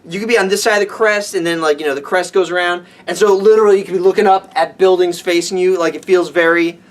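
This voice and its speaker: A man giving a ranting film review for his vlog, animated and exasperated, swearing freely. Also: high-pitched, fast talker. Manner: animated, exasperated, profane, with frequent restarts.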